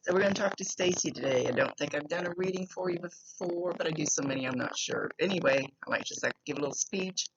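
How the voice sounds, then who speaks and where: A woman's voice: sits low, fast, few pauses. A woman psychic medium talking casually in a chatty, rambling way during a reading. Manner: chatty, rambling, laughs often. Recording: lo-fi with faint noise.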